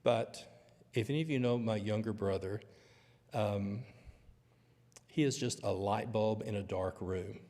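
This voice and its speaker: A man's voice: fairly low pitch, mellow, in a large hall. A man teaching a Bible lesson in church, with a conversational, storytelling manner. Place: church auditorium.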